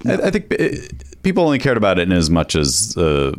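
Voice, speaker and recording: A man with a very low voice teases his co-hosts on a podcast and laughs readily. His pitch moves around a lot as he talks. The sound is close and dry. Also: wildly swooping pitch, quick pace, dry recording. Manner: laughs easily, wry teasing. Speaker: podcast co-host. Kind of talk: casual banter.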